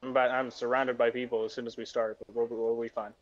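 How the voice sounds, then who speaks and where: A man chatting over a voice call while gaming with a friend, teasing her in a dry, deadpan way. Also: mid-range voice, fast talker, muffled recording, slight background noise.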